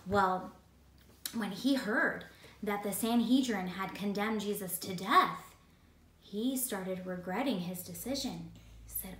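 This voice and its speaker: A woman teaching a Bible story lesson with animated, playful storytelling. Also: mid-range voice, slow, roomy sound, far from the mic.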